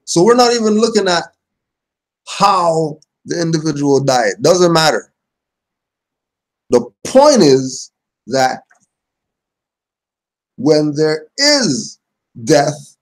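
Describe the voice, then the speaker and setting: A man's voice: on the high side, very animated, takes it slowly, pauses often. Man teaching scripture in casual talk. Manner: casual, reads passages then explains them conversationally. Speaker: spiritual teacher.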